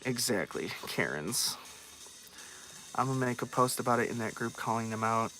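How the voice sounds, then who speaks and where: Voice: medium pitch, slight background noise. A vlogger chatting casually on a livestream while customizing dolls, playfully scolding a cat.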